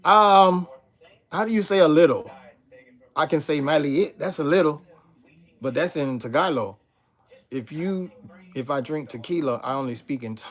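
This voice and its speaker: A man's voice: fairly high pitch, fairly bright tone. Laid-back man chatting on a livestream. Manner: laid-back, chatty, reads out chat and answers viewers. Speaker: livestream host. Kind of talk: casual livestream chat reading comments.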